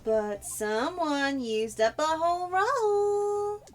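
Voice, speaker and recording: A woman's voice: mid-range voice, big pitch swings, normal speed, fairly bright tone, faint music behind, pitched below the performer's own voice. A woman voicing a brash, feisty southern woman photographer with an exaggerated drawl, reading game dialogue aloud. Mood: gruff suspicious.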